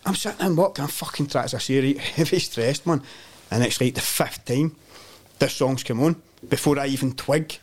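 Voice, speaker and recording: A Glaswegian man telling stories as a podcast guest, animated and full of swearing, acting out other people's voices. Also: mid-range voice, moderate pace. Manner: animated storytelling, heavy swearing, acts out voices. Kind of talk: casual chat.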